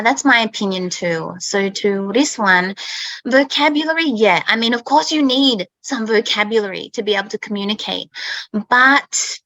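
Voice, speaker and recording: Australian woman, chatty, clear bright voice, dry close sound, video call. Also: on the high side, dry recording, low-quality recording. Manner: chatty, fills speech with "okay" and "like". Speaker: guest speaker for English learners. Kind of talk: casual chat, storytelling.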